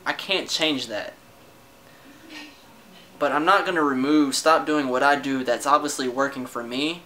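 A man's voice: medium pitch, unhurried, bright, forceful tone, slight background noise, rough recording. A young man venting to his camera in a casual personal rant, defensive and frustrated, swearing a lot and often stopping to restart his sentences. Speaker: vlogger. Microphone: camera mic.

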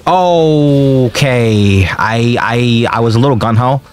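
A young man commenting on his own gameplay, excitable and slangy, often yelling and trash-talking the game as he plays. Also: mid-range voice, slow, clear, resonant tone. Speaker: gaming streamer.

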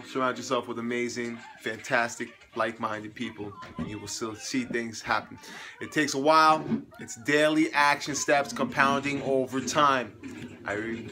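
A young man speaks casually to his camera at home, still sweaty and tired from a workout. His talk is chatty and upbeat, and he slips into motivational coaching as he goes. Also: mid-range voice. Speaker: fitness coach vlogger. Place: home living room.

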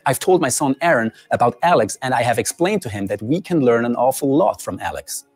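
A man's voice: medium pitch, animated, fairly quick, husky, dry recording. A man narrating his own scripted video in a theatrical, often sarcastic way. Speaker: video essayist.

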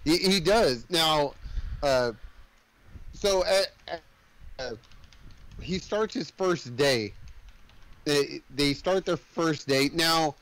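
A podcast host rambles through a movie's plot, using lots of fillers and acting out quotes. He talks extremely slowly with frequent pauses, in a fairly high, slightly bright voice, and the audio is rough.

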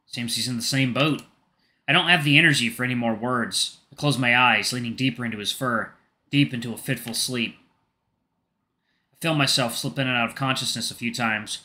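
A man reading a visual novel aloud, calm storytelling with casual asides. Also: mid-range voice. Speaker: let's play narrator.

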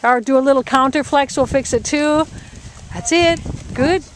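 High-voiced woman coaching a riding lesson. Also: moderate pace. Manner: encouraging, repeats short commands. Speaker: riding instructor.

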